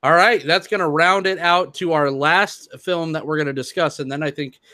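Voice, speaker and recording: A man's voice: a little high, fairly even intonation, normal speed, bright, forceful tone, no room sound. A man hosting a casual film podcast, easygoing as he steers the talk to the next segment. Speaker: podcast host.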